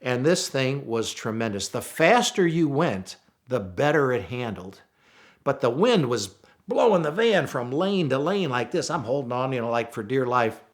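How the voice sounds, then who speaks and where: Male storyteller, from St. Louis, animated and conversational with frequent restarts. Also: mid-range voice. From St. Louis, USA. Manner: animated, repeats words when excited. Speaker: storyteller guest. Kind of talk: casual storytelling.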